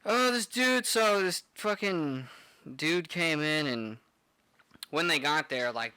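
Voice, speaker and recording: Young male bartender, foul-mouthed rambling storyteller, bright voice. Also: fairly high pitch, expressive, takes it slowly, clean tone. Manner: profane, rambling with many "like" fillers. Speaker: podcast co-host, bartender. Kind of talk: casual storytelling chat.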